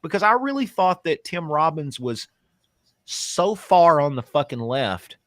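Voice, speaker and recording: A man's voice: a little high, very animated, a little slow, a bit bright, no room sound, studio quality. A middle-aged man co-hosting a podcast, talking in a rambling, profane way with many stammered restarts. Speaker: podcast co-host. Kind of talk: casual political chat.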